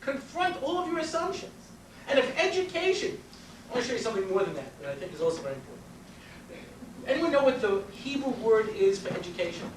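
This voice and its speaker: A man's voice: very high voice, fairly bright tone. A man from Long Island, New York, giving a storytelling lecture as a rabbi and educator, constantly checking in with his listeners. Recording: roomy, distant mic with faint noise.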